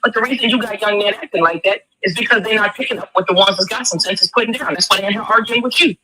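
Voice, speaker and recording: A woman makes her case in a rapid stream. Her voice is bright and forceful, and she talks emphatic and preachy, full of rhetorical questions. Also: mid-range voice, low-quality recording. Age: 40s. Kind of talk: impassioned commentary.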